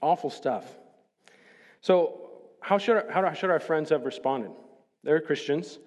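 Joking pastor in a reverberant church. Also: male voice, on the high side, a little mellow. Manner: chatty and joking, then slow solemn scripture reading. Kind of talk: sermon. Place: church sanctuary.

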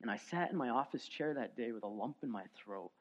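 A man's voice: expressive, brisk. Earnest preacher man, dull lo-fi recording. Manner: earnest, swings from soft and low to loud and emphatic. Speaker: pastor. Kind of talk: sermon. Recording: dull lo-fi sound.

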